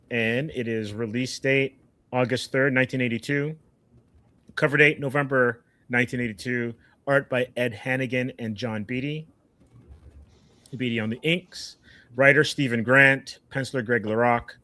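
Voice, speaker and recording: A man's voice: medium pitch, pushed and bright, no room sound. A man co-hosting a podcast, reading out comic credits in a matter-of-fact way and chatting casually. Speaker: podcast co-host.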